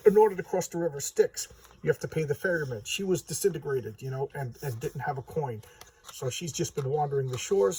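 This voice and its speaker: A man's voice: fairly high pitch, darkish tone, slight background noise, poor audio. Chatty man walking through a comic. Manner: chatty retelling, leans on "you know"; acts out characters' lines in quick voices. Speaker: comic book reviewer. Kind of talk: casual comic book walkthrough.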